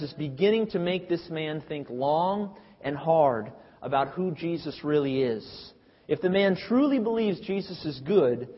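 A man's voice: fairly high pitch, slightly rough. A man preaching a sermon in an emphatic, preacherly way, sometimes acting out the lines he quotes. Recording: dull lo-fi audio with long hall reverb.

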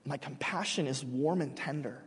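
A man's voice: mid-range voice, normal speed, slightly rough. A man in his thirties preaching a sermon, telling stories in a casual, joking way with many restarts. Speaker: pastor. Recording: long hall reverb.

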